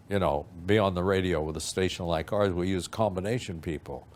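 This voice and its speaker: A man's voice: deep voice, brisk, few pauses, a little mellow. An older man telling a story from his youth in an archival interview, rambling and acting out the people he quotes.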